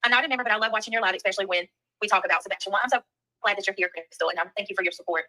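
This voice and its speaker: A woman with a Southern accent hosts a livestream, reading comments and greeting viewers by name in racing, casual chat. Her medium-pitched voice sounds pushed and bright, and the recording is low quality.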